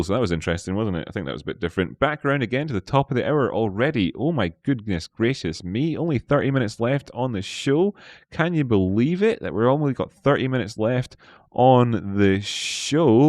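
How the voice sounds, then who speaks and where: A man's voice: medium pitch, very animated, brisk, dry recording. A man hosting a live market analysis stream, playful, chatting with viewers and talking to himself. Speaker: trading stream host.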